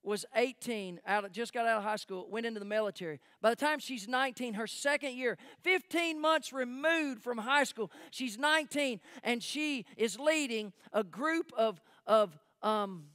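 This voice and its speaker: Guy preaching in church, pretty high voice, big emphatic story then goes quiet, dry sound. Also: normal speed, few pauses, no room sound. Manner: emphatic, rising and dropping to hushed tones, with restarts. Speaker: pastor. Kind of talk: sermon storytelling. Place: church sanctuary.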